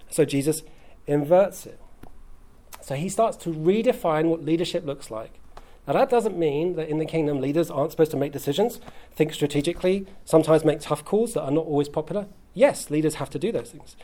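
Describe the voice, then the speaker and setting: A pastor preaches to his congregation in a relaxed, conversational way. He mixes humour into the teaching and keeps checking in with "okay?". His voice sits a little high for a man. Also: a little fast. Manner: conversational and humorous, with frequent "okay?" check-ins. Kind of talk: sermon. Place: church hall.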